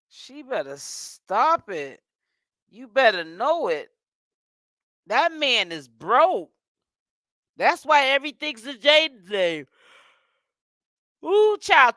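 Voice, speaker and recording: Sassy bright-voiced woman vlogger. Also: on the high side, no room sound. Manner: sassy and chatty, calls listeners honey and child. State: tired, yawning while fasting. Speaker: host. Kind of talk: casual gossip commentary.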